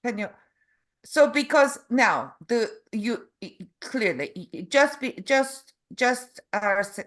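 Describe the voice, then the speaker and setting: Woman interviewer, aphasia, halting word-finding, unhurried. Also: a little high, sing-song, a bit bright. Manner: halting, searching for words, frequent restarts. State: has aphasia. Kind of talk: casual conversation.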